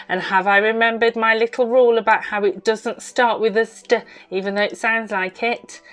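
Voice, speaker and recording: A woman teaching a phonics lesson to young children, sounding out words slowly and praising each step. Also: a little high, steady tone. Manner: slow, exaggerated sounding-out of words; bright, encouraging praise.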